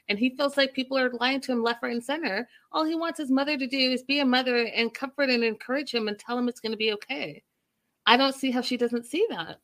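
A woman talks her viewers through a reality show episode, animated and gossipy, like chatting with friends. Her voice is bright and forward, with a lively, energetic edge. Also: fairly high pitch. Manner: animated, gossipy storytelling, addresses viewers directly. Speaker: reality TV recap host. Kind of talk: casual chat recapping a show.

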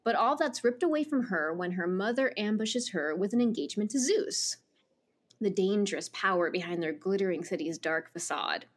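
A woman with a husky, breathy voice co-hosts a podcast. Her pitch moves around a lot as she reads a book blurb with expressive, dramatic delivery. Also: moderate pace. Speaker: podcast co-host. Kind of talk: casual chat and reading a book blurb aloud.

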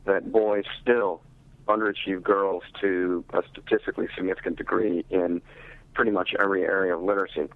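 A man's voice: low-pitched, no room sound. Man on a tinny phone line. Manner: thoughtful, explanatory, measured. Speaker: literacy researcher and teacher. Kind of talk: interview over phone.

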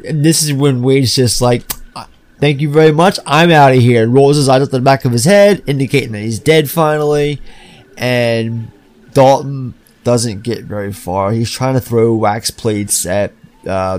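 A man co-hosting a podcast, talking casually and profanely about a horror film. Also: mid-range voice. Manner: animated, profane, acts out scenes. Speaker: podcast co-host. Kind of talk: casual film review chat.

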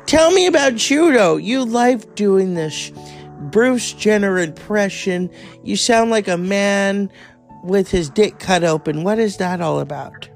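A man's voice: high-pitched, expressive, slow, gravelly, exaggerated voice. A man doing a crude, blunt impression of a brash, foul-mouthed dead actress, with faint music behind. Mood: mocking.

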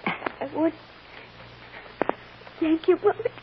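A woman's voice: very high voice, slow pace, lo-fi sound. A sobbing little girl. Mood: plaintive. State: crying. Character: frightened little girl, tearful and clinging. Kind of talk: 1940s radio acting. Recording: scratchy old radio recording, hiss.

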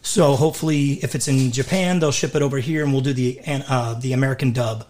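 A raspy-voiced man, a voice actor and guest in a studio interview, telling candid stories and laughing often. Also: mid-range voice, fairly even intonation, fast talker, darkish tone, a little hiss or hum. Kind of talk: casual storytelling in interview.

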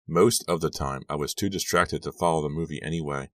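Very deep-voiced male audiobook narrator. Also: fairly quick, a bit bright, no echo, distant mic. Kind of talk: scripted first-person audiobook narration.

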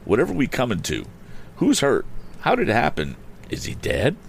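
A man's voice: mid-range voice, wildly swooping pitch, vocal fry, a little hiss or hum, pitched above the performer's own voice. A man voicing a flustered, fussy woman housekeeper who fires off fretful questions in a storybook reading. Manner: fretful, rapid-fire questions.

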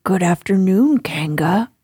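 A gentle, simple-minded teddy bear, put on by a woman reading a storybook, musing hesitantly in a lowered voice. The tone is mellow and breathy, recorded dry. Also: lively intonation, a little slow, dry recording, full character voice.

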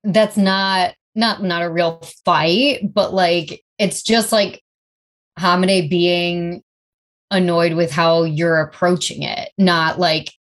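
Woman co-host, chatty gossip storyteller, lowish pitch. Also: steady tone, slow pace. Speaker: podcast co-host. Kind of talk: casual chat.

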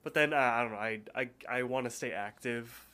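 A man's voice: medium pitch, brisk, bright, forceful tone. A man co-hosting a podcast in casual chat, with a stuffy, blocked nose and a rambling way of talking. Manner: rambling, lots of fillers and restarts. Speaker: podcast co-host.

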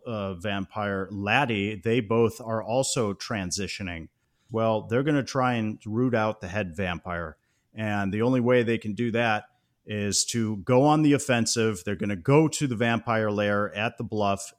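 A man co-hosting a film podcast, summarizing scenes in a relaxed, conversational way with occasional fillers. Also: lowish voice. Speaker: podcast co-host. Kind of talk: casual film discussion.

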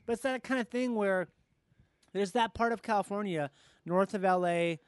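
A man in casual chat, animated and jokey, swearing freely. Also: sits high, moderate pace, clean tone, no echo.

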